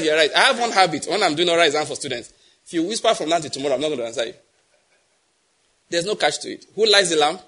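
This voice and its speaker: Husky high-voiced Nigerian preacher. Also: male voice, a bit bright. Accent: Nigerian English. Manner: emphatic, quizzes the congregation with repeated questions. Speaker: pastor. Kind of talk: sermon.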